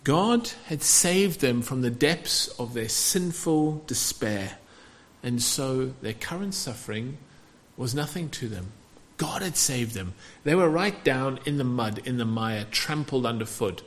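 A man preaching a sermon, asking the congregation rhetorical questions in an animated way. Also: medium pitch, unhurried.

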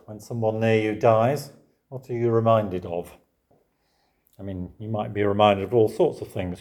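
An older man with a lowish voice gives an expository sermon. He talks to his congregation conversationally and keeps checking in with rhetorical tag questions. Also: darkish tone. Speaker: preacher.

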